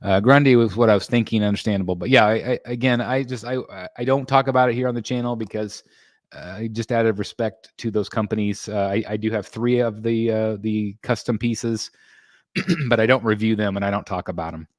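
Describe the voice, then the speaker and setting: A man's voice: on the low side, fairly even intonation, a little fast, no room sound, studio quality. A man hosting a casual collectors' livestream, reading chat messages and answering in a rambling way with many ums and restarts. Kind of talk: casual live-stream chat.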